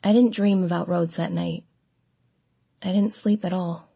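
A woman narrating an audiobook in the first person, with an even, measured reading and close miking. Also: on the low side, gravelly, slightly rough, no echo.

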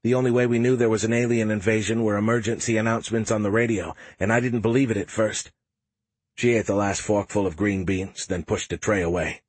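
A man narrating a first-person audiobook in a steady, wry, matter-of-fact way. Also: lowish voice, brisk, breathy edge, no room sound.

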